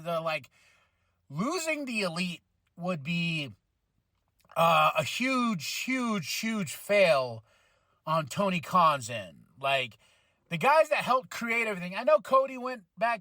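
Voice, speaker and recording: A man hosting a wrestling podcast, reviewing a show in an excitable, slangy way and breaking into shouts when thrilled. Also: sits high, dry recording. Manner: casual slangy delivery, laughs often.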